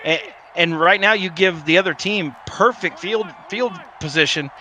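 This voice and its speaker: Excitable high-pitched esports caster, man. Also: normal speed, a little hiss or hum. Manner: excitable, shouts on big plays, joking asides. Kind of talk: live play-by-play commentary on a video game stream.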